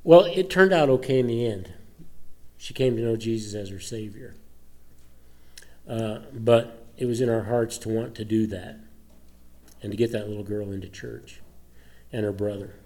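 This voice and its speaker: A man, a pastor, preaching a conversational sermon with many fillers and restarts, his throat a little rough and choked up. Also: lowish voice, moderate pace, long pauses, a little mellow. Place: church sanctuary.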